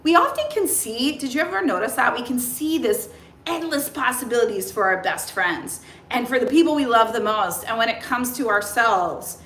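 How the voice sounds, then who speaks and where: Bright-voiced chatty woman in her forties. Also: a little high, moderate pace, reverberant, slight background noise. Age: 40s. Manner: chatty and animated, acts out inner voices. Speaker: nutrition and mindset coach. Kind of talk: casual talk to camera. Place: outdoors near a tree.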